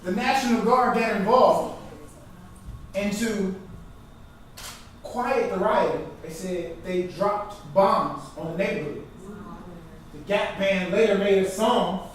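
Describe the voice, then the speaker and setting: A man teaches a lively call-and-response lesson and keeps prompting the crowd to finish his lines. His voice sits fairly high. He is caught from a distance, and the sound rings around a big echoey hall. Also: slow pace, pauses often. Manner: animated, prompts the audience to finish his phrases. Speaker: performance poet giving an artist talk. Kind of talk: interactive lecture with call-and-response. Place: lecture hall with a live audience. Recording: echoey hall recording from far off.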